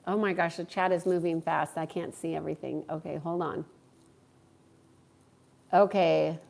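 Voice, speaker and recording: This livestream host and coach has a low, creaky voice with fairly even intonation and a moderate pace. She chats warmly with her audience, welcoming people by name and fielding their questions.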